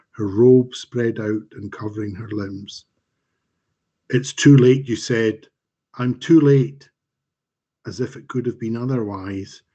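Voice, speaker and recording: Here the author's dark fantasy is read by the man himself, slow, measured and dramatic, live streamed via a home mic. His medium-pitched voice comes through a muffled recording.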